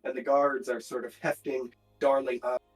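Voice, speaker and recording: A man's voice: medium pitch, little pitch movement, soft background music, poor audio. Man narrating as game master. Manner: halting, filler-heavy narration.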